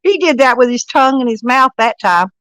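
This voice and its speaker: An older woman talking on a casual vlog, slipping into high sing-song baby talk for a grandchild. She laughs often and repeats herself. The sound is dry and close. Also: lively intonation, a little fast, fairly bright tone, no echo, low-quality recording. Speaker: vlogger and grandmother. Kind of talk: casual live-stream chat.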